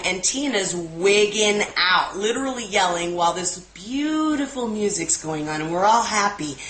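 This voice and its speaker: A woman in casual chat, lively, jumping in to add details to a shared story. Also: mid-range voice. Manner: lively, interrupting to set the scene. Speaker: exorcist. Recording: echoey room.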